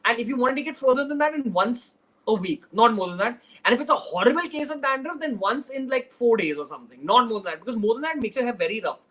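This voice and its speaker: Quick-paced and expressive, this young Mumbai host has a very high, sharp-toned voice and a Mumbai Indian English accent. He runs a casual livestream Q&A in a direct, chatty way, dropping in Hindi phrases, over poor audio.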